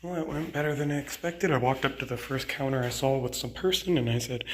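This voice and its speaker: A man's voice: mid-range voice, fairly quick, hardly any pauses, fairly bright tone, rough recording. A man talking casually as a delivery driver, chatty and amused, often laughing as he tells his stories. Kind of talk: casual vlog narration. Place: in a car and walking between stops.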